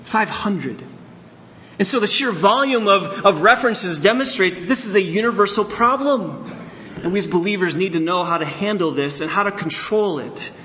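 Bright-voiced preacher man, earnest and candid. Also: high voice, expressive, normal speed, muffled recording, a little hiss or hum. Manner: candid, storytelling, rising to emphatic outbursts. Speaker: pastor. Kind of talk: sermon. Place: church sanctuary.

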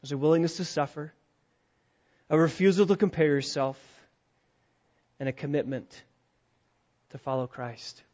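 A male pastor preaching a sermon, emphatic, with rhetorical questions, dropping to a hush and then rising to loud, urgent stretches. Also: on the high side, moderate pace, pauses often. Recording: dull lo-fi recording.

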